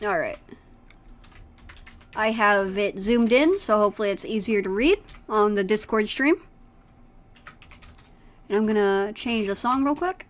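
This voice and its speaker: A woman's voice: medium pitch, measured pace, long pauses. Dramatic woman reading horror stories. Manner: dramatic reading, then loose casual chat. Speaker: streamer and story reader. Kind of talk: reading a horror story aloud on a stream.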